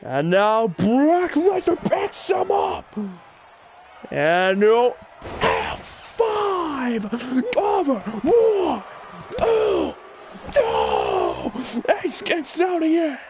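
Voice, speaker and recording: A man doing excitable play-by-play commentary on a wrestling video game, often breaking into shouted exclamations. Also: very high-pitched, very slow, creaky, slight background noise. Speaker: gaming channel host.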